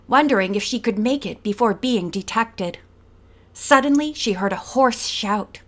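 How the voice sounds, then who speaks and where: A woman's voice: medium pitch, unhurried. A woman narrating an audiobook mystery with dramatic storytelling. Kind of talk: scripted narration.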